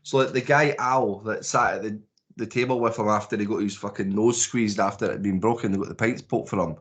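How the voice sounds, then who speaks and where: A Scottish man with a fairly low voice rambles through a casual movie review for a podcast. He swears freely and restarts his sentences often as his thoughts pile up. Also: fairly even intonation, fairly quick, a bit bright. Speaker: podcast co-host.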